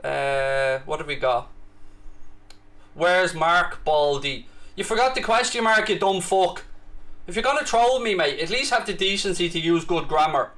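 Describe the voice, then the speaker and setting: Irish guy on a live stream, bright sharp voice, joking around and roasting his chat. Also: high voice, lively intonation, measured pace. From Ireland. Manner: cocky, teasing banter with mock bravado. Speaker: livestream host. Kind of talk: casual live chat reading viewer comments.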